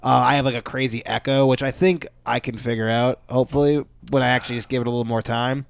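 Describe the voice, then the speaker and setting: A man's voice: medium pitch, fairly even intonation, quick pace, vocal fry, smooth. A man co-hosting a podcast in casual chat, rambling, swearing often and restarting his sentences. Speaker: podcast co-host.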